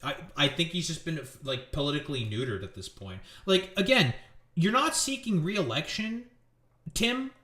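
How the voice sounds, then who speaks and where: A male streamer rants about politics, angry and sarcastic and full of profanity. His voice sits somewhat high for a man. It rings in an echoey room. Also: fairly bright tone. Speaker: streamer host. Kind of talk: political commentary rant.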